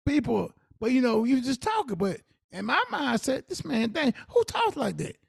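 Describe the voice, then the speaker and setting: A man's voice: very high-pitched, very animated, moderate pace, creaky, husky, no room sound, studio quality. A man co-hosting a podcast, giving earnest, preachy advice in casual talk. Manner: earnest, preachy advice with Southern Black vernacular. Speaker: podcast co-host.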